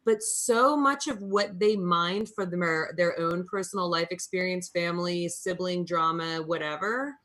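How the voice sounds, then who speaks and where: A woman's voice: lowish voice, measured pace, hardly any pauses, a bit bright. A woman film director on a podcast, explaining her work in a reflective, talkative way. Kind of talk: podcast interview.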